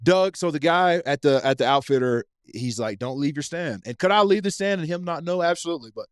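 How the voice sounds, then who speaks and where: A man's voice: on the high side, fast talker, clear, resonant tone, no echo, studio quality. A man from East Tennessee, a podcast guest telling stories in casual chat and swearing freely. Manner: profane, animated storyteller.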